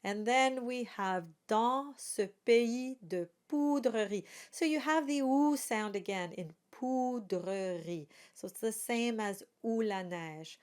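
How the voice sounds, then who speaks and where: A woman walks a student through pronunciation at an unhurried pace. She models each sound carefully and repeats it. Her pitch sits in an ordinary middle range. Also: lively intonation. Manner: patient, models sounds slowly and repeats them. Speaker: singing and pronunciation coach. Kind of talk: pronunciation lesson.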